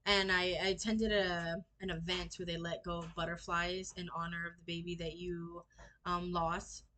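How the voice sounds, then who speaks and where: A young woman telling a personal story in a casual vlog, halting and full of fillers, acting out what people said to her. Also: lowish voice, little pitch movement, bright, forceful tone. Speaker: vlogger sharing a personal story.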